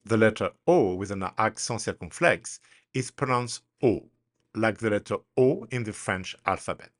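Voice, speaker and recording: A man teaching French pronunciation, speaking deliberately and spelling words out letter by letter in a slow drill. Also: lowish voice, animated.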